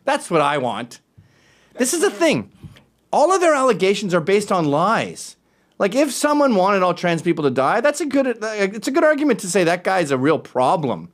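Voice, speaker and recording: Animated, sarcastic male talk show host. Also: high-pitched, normal speed. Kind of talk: casual talk-show monologue.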